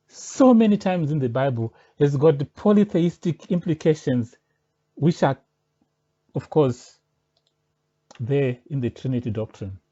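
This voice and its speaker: A man's voice: a little high, mellow. A man making an insistent, step-by-step spoken rebuttal of a pastor's teaching. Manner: argumentative and insistent, presses points step by step. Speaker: religious commentator. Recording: dull lo-fi recording.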